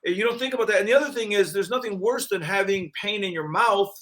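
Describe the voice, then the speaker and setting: A man's voice: high-pitched, fast, a bit bright. An older man from upstate New York co-hosting a casual sports talk show, chatty and full of asides. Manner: chatty, full of fillers and restarts. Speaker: podcast co-host. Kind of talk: casual chat.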